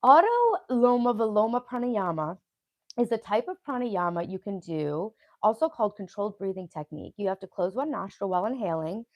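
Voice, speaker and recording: A young woman hosts a casual livestream, rambling as she chats and responds to viewers' comments. Her medium-pitched voice moves fairly quickly, and the audio is dull but free of echo.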